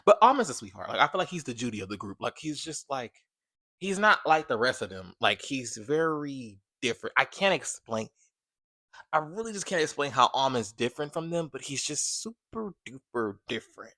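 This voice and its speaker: A man reviewing a reality TV episode in a casual vlog, slangy and rambling, swinging from loud bursts to low mutters. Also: sing-song, fairly quick, no room sound, clean studio sound. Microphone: camera on a tripod.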